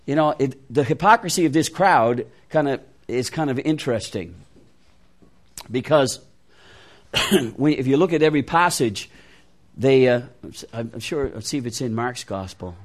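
A man's voice: mid-range voice, a little slow. A man preaching an interactive sermon, making emphatic, repeated appeals to his listeners.

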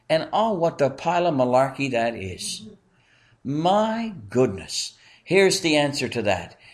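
A male pastor preaching a sermon in an earnest way, swinging from emphatic lines to hushed, slow ones. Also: mid-range voice.

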